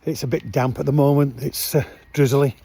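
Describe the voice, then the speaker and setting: A man with a husky, vocal-fry voice vlogs outside by his van at night, rambling easily and using many fillers. His voice is mid-range and his pace moderate.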